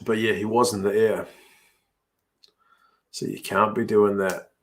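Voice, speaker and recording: A man's voice: on the low side, little pitch movement, measured pace. A man hosting a casual rugby watch-along, reacting aloud to the play and chatting with viewers.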